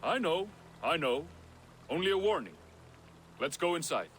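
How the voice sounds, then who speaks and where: An actor playing a weary young man trying to leave his gang behind, speaking in an earnest, uneasy, halting way. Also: a little high, big pitch swings, fairly bright tone, slight background noise. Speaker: video game character.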